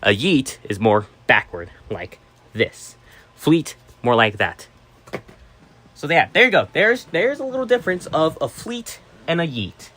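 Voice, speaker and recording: An excitable man talking casually to his viewers in a vlog. His pitch leaps around constantly in a very lively way. He rambles, restarts sentences and breaks into sudden loud outbursts. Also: a little slow. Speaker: vlogger.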